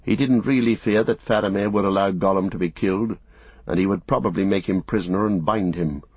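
A man steadily narrating an audiobook in a measured storytelling manner. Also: deep voice, slightly rough, dry recording. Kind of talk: scripted narration. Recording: dull, muffled recording.

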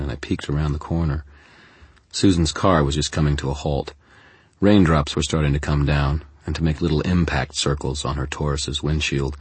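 A man narrates a first-person story in a measured, deadpan way. His voice sits extremely low with a husky, breathy grain. It is recorded close and completely dry. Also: dry recording. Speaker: audiobook narrator.

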